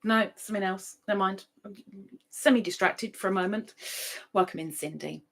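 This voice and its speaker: A woman's voice: mid-range voice, normal speed, vocal fry. A woman in middle age, hosting a casual live stream and reading out viewers' chat with playful, sing-song repetition of names. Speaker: livestream host.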